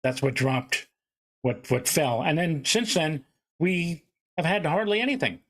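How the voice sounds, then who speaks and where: A man's voice: on the high side, animated, a little slow, fairly bright tone. A man co-hosting a weather show, chatting casually with dry, joking asides. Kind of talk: casual chat.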